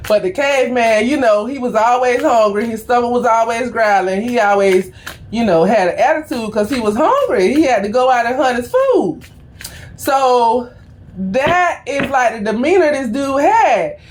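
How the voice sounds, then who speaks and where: A woman's voice: fairly high pitch, animated, normal speed. A middle-aged woman, a tarot reader, telling a story in a casual, slangy and profane way before her reading.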